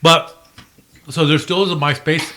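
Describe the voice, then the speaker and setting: A man's voice: fairly high pitch, fairly even intonation, a little slow, pushed and bright. A man co-hosting a casual podcast chat with friends, rambling and playful with many fillers. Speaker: podcast co-host.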